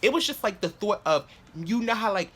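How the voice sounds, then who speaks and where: A young man telling a story to his viewers in an animated, rambling way, full of slang, swearing and restarts. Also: high voice, a little fast. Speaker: vlogger. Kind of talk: casual storytelling to camera.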